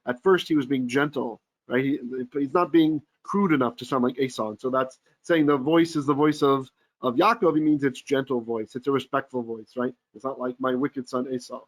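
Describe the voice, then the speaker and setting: A man teaching a verse-by-verse Torah class, reading Hebrew aloud and then explaining it eagerly, often checking in with his listeners. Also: on the high side.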